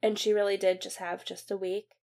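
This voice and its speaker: Young woman podcaster telling a sad story, lots of um and like, goes quiet at the hard bits. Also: medium pitch, flat delivery, creaky. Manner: halting, full of fillers and restarts; quiet and subdued at sad moments. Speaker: podcast host. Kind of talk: personal storytelling.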